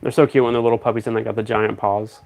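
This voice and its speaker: A man chatting casually on a stream, rambling and thinking out loud in a relaxed way. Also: lowish voice, fast talker, vocal fry. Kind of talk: casual chat.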